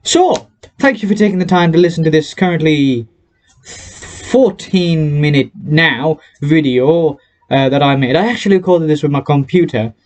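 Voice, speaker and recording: A man's voice: fairly high pitch, expressive, normal speed, a little mellow. A teenage boy from North East England with a North East English accent, chatting cheerfully in a casual vlog and laughing between sentences, recorded on a headset mic. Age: teens. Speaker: YouTuber.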